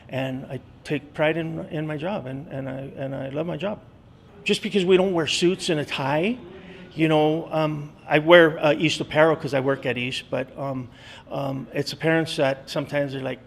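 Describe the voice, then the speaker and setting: A school custodian in his sixties, talking earnestly in an interview with many pauses and fillers. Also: medium pitch, steady tone, gravelly. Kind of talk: interview storytelling.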